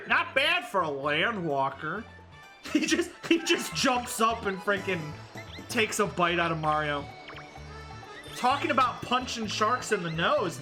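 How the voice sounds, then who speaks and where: A woman streaming a game, chatting casually in an excitable, exclamatory way with casual swearing. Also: medium pitch, a little slow, music in the background.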